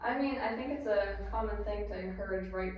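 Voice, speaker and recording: A woman's voice: medium pitch, brisk, lo-fi sound, slight background noise. A woman hosting a casual podcast interview, asking questions with plenty of fillers. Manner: asks questions with many fillers. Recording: echoey room, distant mic.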